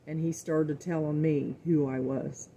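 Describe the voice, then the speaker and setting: A middle-aged woman hosts her home cooking show and drifts into earnest, folksy talk about faith. Her voice is mellow and gravelly, with a fry at the ends of phrases. She repeats words to drive a point home. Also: deep voice, fairly even intonation, unhurried. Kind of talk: casual faith-filled talk to viewers.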